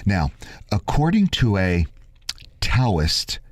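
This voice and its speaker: A man's voice: lowish voice, extremely slow, dry recording. A man hosting a radio show, casually chatting and telling a long joke. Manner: storytelling, lively delivery. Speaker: radio host.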